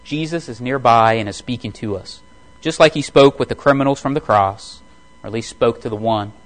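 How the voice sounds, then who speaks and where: Guy preaching a sermon, calm and measured, reads bible verses slow. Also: mid-range voice, rough recording. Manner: measured, reads scripture slowly and deliberately. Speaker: pastor.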